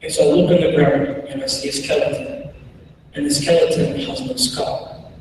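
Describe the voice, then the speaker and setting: A man giving a keynote speech, telling a personal story in slow, measured phrases with dramatic pauses. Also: fairly high pitch, sing-song, noisy background. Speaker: keynote speaker. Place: large conference hall. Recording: echoey hall recorded from far off.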